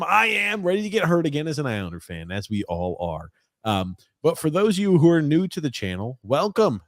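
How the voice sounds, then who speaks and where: An energetic male podcast host whose pitch swings widely as he chats. He talks casually and swears now and then, and his voice is dry and close, with no room sound. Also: dry recording.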